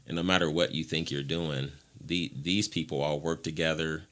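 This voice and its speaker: Very deep-voiced man from Ohio. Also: steady tone, normal speed, fairly bright tone. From Ohio, USA. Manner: frank, rambling, acts out what others said. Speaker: podcast guest. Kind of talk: candid personal storytelling.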